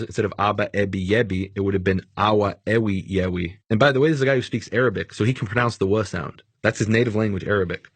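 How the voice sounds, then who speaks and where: Emphatic husky man teaching. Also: fairly low pitch, no echo. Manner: emphatic, dismissive of bad arguments. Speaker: host. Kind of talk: casual teaching conversation.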